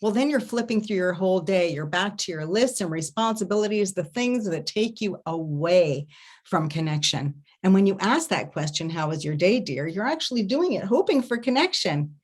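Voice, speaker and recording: A woman giving an online workshop talk as an intimacy coach, animated and expressive, often humming and murmuring to demonstrate sounds. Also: mid-range voice, normal speed, slightly rough. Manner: animated storytelling, laughs often. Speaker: intimacy coach and festival presenter. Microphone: home setup, online stream.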